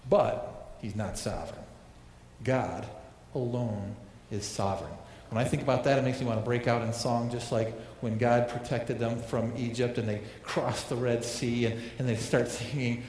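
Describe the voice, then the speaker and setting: Recorded in an echoey hall with faint background ambience and a touch of hiss or hum, a man preaches at normal speed in a mid-range, slightly mellow voice. He is a pastor delivering an emphatic sermon full of repeated phrases and rhetorical questions.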